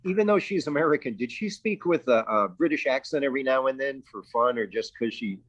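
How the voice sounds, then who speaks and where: A man's voice: mid-range voice, expressive, a little fast, no echo. A man chatting casually with a friend, asking questions and recalling a shared memory. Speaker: podcast guest. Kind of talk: casual chat. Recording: dry, muffled remote line.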